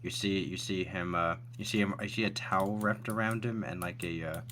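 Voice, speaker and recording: A man's voice: deep voice, fairly even intonation, fairly quick, bright, forceful tone, a little hiss or hum. A man narrating as game master of a tabletop game, loose and rambling with many restarts.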